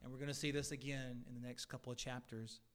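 A middle-aged man, a pastor, preaching a sermon to his church with earnest swells in pitch and volume and the odd dry aside. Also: flat delivery, fast talker. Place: church sanctuary.

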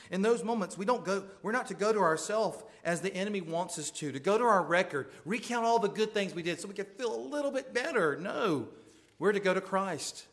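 A man's voice: high voice, a bit bright. A male pastor preaching a sermon with earnest emphasis, his voice rising on pointed questions.

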